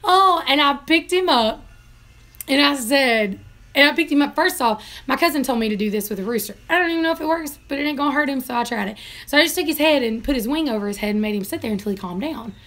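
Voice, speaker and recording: A woman's voice: high voice, animated, quick pace, fairly bright tone. A young woman chatting casually in a home vlog, telling rambling stories and laughing often. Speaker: vlogger.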